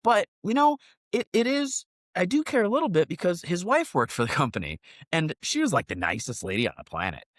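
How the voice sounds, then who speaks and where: A man in his forties tells long stories on a podcast, cursing freely and wandering from point to point. His pitch swings widely as he gets worked up, and the sound is close and dry with no room around it. He talks in a loose, casual way. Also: brisk, no echo. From United States. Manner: profane, rambling, animated storytelling. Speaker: podcast co-host. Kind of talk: casual storytelling chat.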